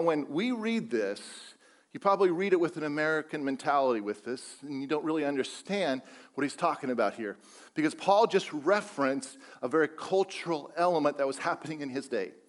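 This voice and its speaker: Male pastor, high register, emphatic sermon delivery with rhetorical questions. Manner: emphatic preaching with repeated phrases and rhetorical questions.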